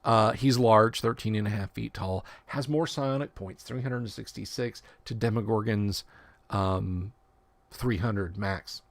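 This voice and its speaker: Gravelly man reading rules on a livestream. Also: on the low side, unhurried, no room sound. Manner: reads rule text aloud with asides and self-corrections. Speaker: livestream host. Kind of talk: casual livestream reading and commentary.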